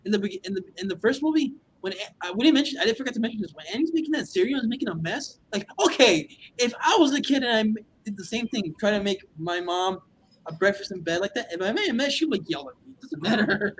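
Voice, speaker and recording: A man co-hosting a casual movie podcast, chatting excitedly with quick asides. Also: sits high, a little hiss or hum, rough recording. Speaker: podcast co-host.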